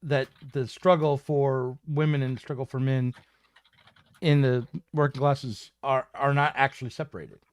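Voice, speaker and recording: A man speaking haltingly as a panelist in a casual political discussion, with many restarts. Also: mid-range voice, steady tone, clean tone.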